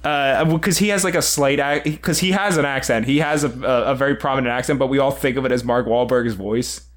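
A man guesting on a podcast, chatting casually with rambling, quick-witted teasing. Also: medium pitch, fairly even intonation.

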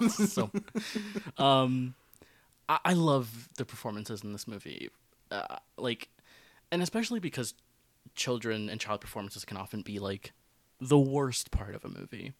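A man's voice: mid-range voice, moderate pace, no room sound. A man co-hosting a casual film podcast, talking in rambling runs full of fillers and restarts. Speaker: podcast co-host.

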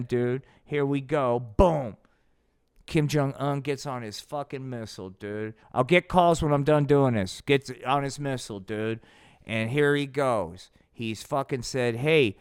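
A man's voice: a little high, smooth. A man hosting a podcast, narrating a live comedic puppet show in a rambling, profane, laid-back way. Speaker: podcast host.

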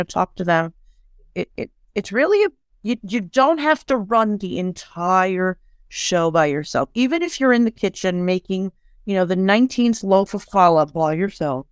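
A woman who is a clinical social worker, giving advice in a casual podcast chat, lively and full of restarts and acted-out asides. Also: mid-range voice, clear, resonant tone, dry recording, clean studio sound. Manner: warm, animated, many restarts and acted asides.

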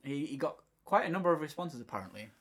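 A man co-hosting a casual podcast chat, relaxed and chuckling, with hesitant restarts as he tells a story. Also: fairly high pitch, fast.

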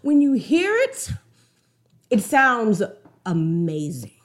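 A woman giving casual, slangy music commentary in an animated way, retelling a song's story. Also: on the high side, slow pace. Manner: animated, slangy, acts out song dialogue.

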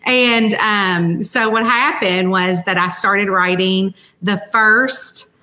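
A middle-aged woman from Central Kentucky with a Kentucky accent, chatting in an interview as a guest author and telling stories in a lively way. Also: medium pitch, takes it slowly. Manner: chatty storyteller, animated quoting of others. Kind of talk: casual interview chat.

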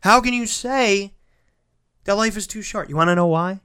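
A man giving a heartfelt motivational monologue. He repeats phrases for emphasis and swings between loud, pushing lines and soft, near-whispered ones. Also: high-pitched, moderate pace, clear, resonant tone.

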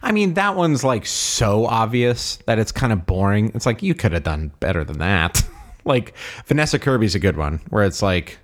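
A man hosting a casual movie podcast, relaxed and laughing often, with lots of fillers. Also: lowish voice, normal speed. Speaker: podcast host.

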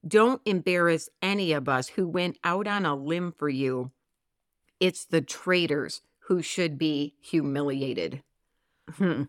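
A woman co-hosting a Christian podcast, talking earnestly and reading scripture slowly and expressively. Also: low-pitched, no echo, studio quality. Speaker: podcast co-host.

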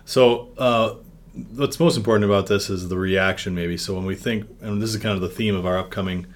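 A man's voice: fairly low pitch, fairly even intonation, a little fast. A man leading a devotion, reading scripture aloud with rising emphasis and then talking it over plainly with a pastor. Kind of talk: Bible reading and devotional discussion.

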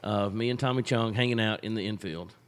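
A man's voice: fairly low pitch, a little fast, in a large hall. A man with an Alabama Southern accent, co-hosting a casual podcast chat and rambling through stories. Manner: chatty, rambling storyteller. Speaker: podcast co-host.

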